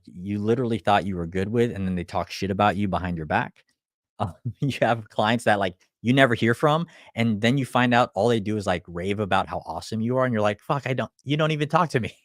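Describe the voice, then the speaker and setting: Young male coach, low-pitched, blunt and profane, dry close sound. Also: dry recording. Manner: blunt, profane, acts out clients' lines. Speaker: online business coach. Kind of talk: casual livestream talk.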